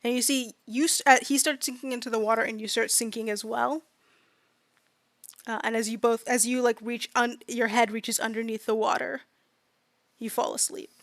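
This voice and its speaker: Woman game master narrating a tabletop game, casual and rambling, a bit high, dry sound. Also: steady tone, normal speed, fairly bright tone, no room sound. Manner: casual, filler-heavy descriptive narration.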